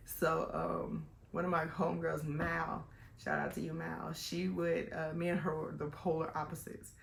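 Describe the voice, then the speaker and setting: A woman's voice: sits low, little pitch movement, normal speed, gravelly, reverberant, a little hiss or hum. A woman vlogging a personal story in a chatty, rambling way, full of fillers and restarts.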